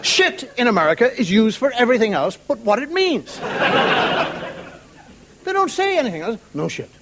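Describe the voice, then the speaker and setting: Wry male comedian, lively high voice. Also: normal speed, a crowd in the background. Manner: wry, conversational storytelling. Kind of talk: stand-up monologue. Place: television studio with live audience. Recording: 1990 TV broadcast, audience laughter.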